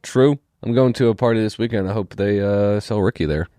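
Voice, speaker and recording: A man's voice: lowish voice, fairly quick, dark tone, dry recording, studio quality. A man on a comedy podcast reading an ad in an upbeat, salesy way and joking around. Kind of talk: comedic ad read and banter.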